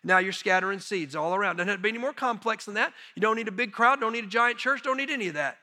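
A middle-aged man preaching as a missionary, telling folksy, self-deprecating stories in an animated way. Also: high-pitched, fast talker. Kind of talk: sermon storytelling. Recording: long reverb of a large hall.

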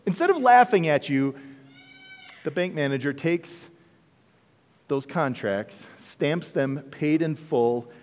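A male pastor preaching a sermon, animated and full of rhetorical questions to the congregation. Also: a little high, slow pace, pauses often. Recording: long reverb of a large hall.

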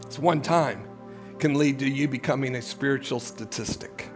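High-pitched preaching pastor man. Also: fairly quick, faint music behind. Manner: emotional storytelling preacher, swings between loud and hushed. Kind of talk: sermon.

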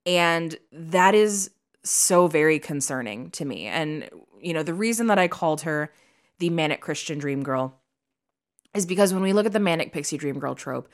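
A woman's voice: sits low, lively intonation, moderate pace. A young woman co-hosting a podcast, talking in an emphatic, opinionated, chatty way. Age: young adult. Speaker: podcast co-host. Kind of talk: casual chat.

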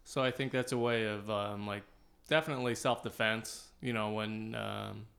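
Relaxed man chatting on a podcast. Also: fairly low pitch, moderate pace, creaky. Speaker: podcast co-host. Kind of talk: casual chat.

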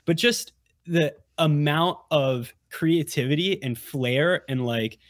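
A man's voice: fairly high pitch, slow, no room sound, clean studio sound. A man as a podcast guest, chatting casually and rambling with many fillers and restarts. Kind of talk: casual chat.

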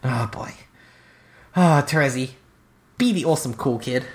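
A woman co-hosting a podcast in casual chat, chatty and quick to laugh, with many "like" fillers. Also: extremely low pitch, a little mellow. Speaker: podcast co-host.

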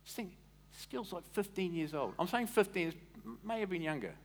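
A male pastor delivers a sermon in a conversational, animated style. His voice sits slightly higher than most men's, and he keeps throwing questions at the congregation. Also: normal speed.

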